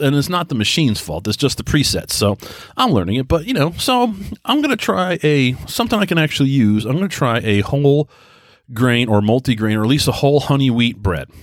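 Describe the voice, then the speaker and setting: Man, 30s, solo podcast host, rambling, self-deprecating, mid pitch, dry close recording. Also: no echo. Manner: rambling and self-deprecating, with frequent restarts and laughs. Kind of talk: solo casual podcast monologue. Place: quiet home.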